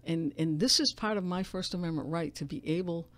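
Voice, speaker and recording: A woman, a newspaper editor telling stories as a guest in a casual radio interview, animated and full of restarts. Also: fairly low pitch, fairly quick. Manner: animated storyteller, frequent restarts and laughs.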